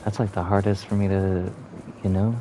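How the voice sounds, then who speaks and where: A man's voice: low voice, little pitch movement, normal speed, dark tone, slight background noise. A young man streaming a game, giving laid-back casual commentary and humming between remarks.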